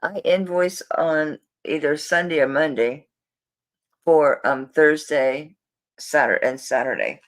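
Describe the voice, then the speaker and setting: A woman's voice: low voice, a little slow. A woman selling jewelry on a live stream, chatting to viewers in a flustered, rambling way while she searches through orders.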